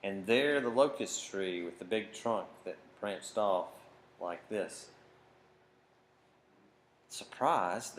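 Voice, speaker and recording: A man telling a story to children at camp, dramatic and expressive, getting loud for big moments. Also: lowish voice. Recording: faint background noise.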